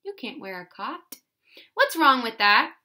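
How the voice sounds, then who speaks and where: A woman teaching a phonics lesson to first graders, sounding words out slowly. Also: on the high side, very animated, bright, forceful tone. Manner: slow, exaggerated sounding-out of words. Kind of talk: phonics lesson for young children.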